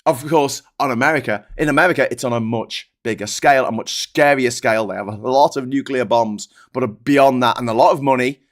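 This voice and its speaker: A man's voice: medium pitch, a little fast, hardly any pauses. A man hosting a political livestream, ranting in an exasperated, sweary way. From United Kingdom.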